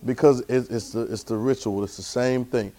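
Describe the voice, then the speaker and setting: A man preaching a sermon to a Bible class, colloquial and calling out to his listeners, rising to loud exclamations. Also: steady tone, normal speed. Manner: rising to loud, high-pitched exclamations for emphasis; colloquial, calls out to the audience.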